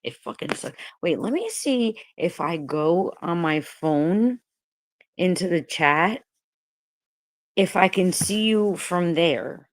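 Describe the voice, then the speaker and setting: A woman's voice: fairly low pitch, expressive, takes it slowly, no room sound. A woman hosting a casual livestream, chatting bluntly and profanely with her viewers. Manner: blunt and profane, talking straight to the chat. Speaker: livestream host.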